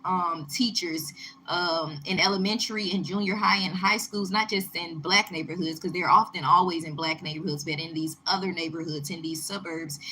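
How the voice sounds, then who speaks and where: Young woman from Texas, personal storyteller; bright, emphatic delivery, light noise bed. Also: on the low side, low-quality recording. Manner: emphatic, animated retelling with rising indignation. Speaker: vlogger.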